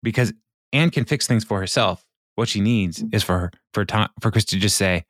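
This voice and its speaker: A man's voice: fairly low pitch, normal speed, fairly bright tone, dry recording, clean studio sound. A man co-hosting a podcast, retelling scenes in a rambling casual way and chuckling often. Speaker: podcast co-host. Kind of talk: casual chat.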